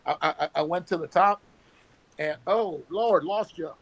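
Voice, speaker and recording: Man, gravelly voice, higher pitch, lively storytelling, phone call from work. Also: moderate pace, crowd noise. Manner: animated anecdotes with sound effects. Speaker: former wrestler guest. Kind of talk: casual storytelling.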